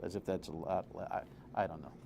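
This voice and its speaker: A man's voice: low voice, steady tone, a little fast, gravelly, dark tone. Brief: male TV host, blunt and wry, a faint hiss under the studio mic. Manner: blunt, sarcastic, conversational. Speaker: TV host and commentator. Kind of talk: opinionated TV commentary. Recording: faint background noise.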